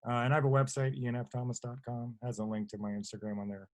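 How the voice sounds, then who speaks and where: A man's voice: mid-range voice, fairly even intonation, fast talker. A man, a guest artist on a webinar video call, answering questions in a rambling, plainspoken way and often correcting himself mid-sentence. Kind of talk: webinar talk.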